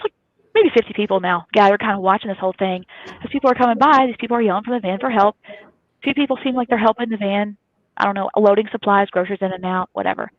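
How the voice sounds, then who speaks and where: A woman from Kentucky, telling a story in a lively, chatty way as a guest on a live talk show. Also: fairly high pitch, no echo. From Kentucky, USA. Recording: dry, phone-like thin audio.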